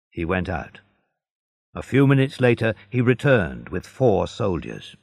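Slow, gravelly male storyteller. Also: sits low, no echo, clean studio sound. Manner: slow, deliberate, expressive. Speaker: narrator. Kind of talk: scripted narration for learners.

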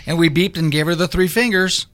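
A man's voice: on the high side, a little fast, fairly bright tone. A man who is a pastor, visiting a radio studio and chatting in a friendly, easygoing way. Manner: friendly, easygoing, laughs often. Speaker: guest pastor. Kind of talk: casual chat.

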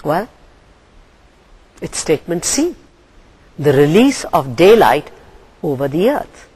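A woman from Pakistan, an English lecturer reading a story aloud and then going over comprehension questions in a deliberate, expressive way. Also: low-pitched, breathy edge, rough recording.

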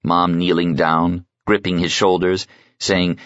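A man reading a novel aloud as narrator, in an even, measured way. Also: deep voice, dry recording, dull audio. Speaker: audiobook narrator. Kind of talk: scripted narration.

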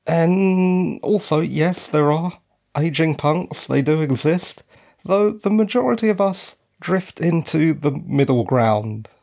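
A man's voice: fairly high pitch, expressive, takes it slowly, creaky, darkish tone. A middle-aged man hosting his own podcast, out of breath and tired, rambling along with self-deprecating asides into a handheld dynamic mic. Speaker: podcast host. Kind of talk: casual solo podcast chat. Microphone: handheld dynamic microphone.

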